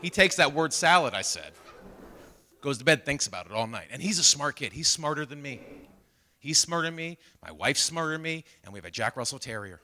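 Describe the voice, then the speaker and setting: A man's voice: a little high, very animated, a little fast, noisy background. A middle-aged man doing a stand-up comedy set, acting out voices of his wife and son. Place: live comedy stage with audience. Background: audience laughter.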